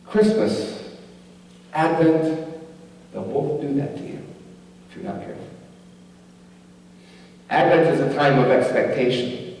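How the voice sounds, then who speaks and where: A man's voice: a little high, measured pace, creaky, pauses often, a little mellow. A male pastor preaching a sermon in a conversational, joking way, often checking in with the congregation. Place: large church sanctuary. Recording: echoey church hall, distant mic.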